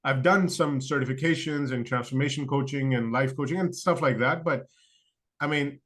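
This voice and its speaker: A man's voice: mid-range voice, normal speed, a bit bright. Reflective man with many restarts. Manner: thoughtful, lots of fillers and restarts; acts out other people's quoted excuses. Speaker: podcast guest. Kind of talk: conversational interview.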